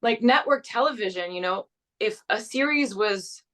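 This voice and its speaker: Young canadian woman, chatty guest, lots of restarts, mid pitch. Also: animated, normal speed, fairly bright tone. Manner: chatty, many restarts and fillers. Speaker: guest actress. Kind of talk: casual interview chat.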